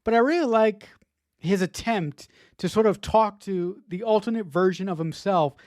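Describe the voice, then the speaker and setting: A man's voice: sits high, normal speed, darkish tone, no room sound, clean studio sound. A man co-hosting a podcast, giving his take on a TV episode in a casual, rambling way, often repeating words as he works out what he means. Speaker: podcast co-host.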